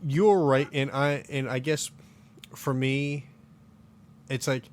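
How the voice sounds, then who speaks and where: A man's voice: medium pitch, fairly even intonation, slow pace. A man hosting a casual sports podcast, opinionated and rambling, full of fillers and restarts. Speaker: podcast host. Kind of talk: casual chat.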